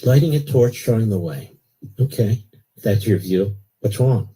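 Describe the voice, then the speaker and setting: A man's voice: on the low side, expressive, normal speed, warm tone, slightly rough. An older man hosting a talk radio show, delivering an indignant, sarcastic monologue.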